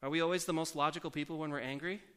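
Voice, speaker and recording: A man preaching a sermon in a conversational way, asking the congregation questions and slowing down to softly repeat scripture. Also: on the high side, fairly even intonation, clean tone. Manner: slows down and softens for scripture quotes.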